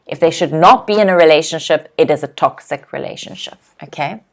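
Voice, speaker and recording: Young female English teacher, slightly low voice, patient, clear pronunciation drills, reads viewer comments. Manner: clear, slow word-by-word pronunciation drills with frequent "okay?" checks; reads viewers' comments aloud and laughs lightly. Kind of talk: live online vocabulary lesson.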